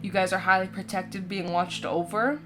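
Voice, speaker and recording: A woman talks her viewers through a tarot spread in a relaxed, chatty way, often checking in with the listener. Her voice sits at an ordinary middle pitch. Faint music plays underneath. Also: normal speed. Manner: chatty, reassuring, full of "you know" and "right?". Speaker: tarot reader. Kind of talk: casual tarot reading to camera. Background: soft background music.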